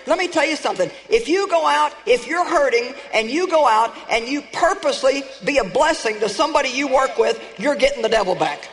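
A woman's voice: sits high, lively intonation, a little fast, few pauses, noisy background. A woman preacher giving an emphatic sermon, calling out to her audience with rhetorical questions. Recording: long reverb of a large hall.

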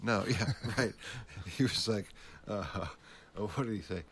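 A man chatting casually as a co-host, rambling and animated as he retells stories and quotes people. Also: on the low side, unhurried. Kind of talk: casual chat. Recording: faint background noise.

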